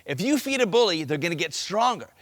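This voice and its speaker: A man's voice: high voice, sing-song, quick pace, a bit bright. A man giving an upbeat anti-bullying talk at a school assembly, coaching kids through role-play.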